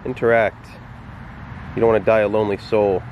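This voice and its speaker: A man's voice: on the low side, flat delivery, fairly quick, highs cut off, slight background noise. A man vlogging at an outdoor dog park, teasing his dog in casual, playful talk. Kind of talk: casual vlog narration.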